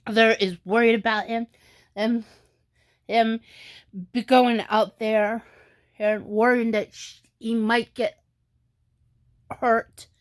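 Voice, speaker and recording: Woman vlogger, high voice, slow, halting delivery with frequent restarts. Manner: halting, many restarts and fillers; tearful and emotional in places. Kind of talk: casual vlog commentary.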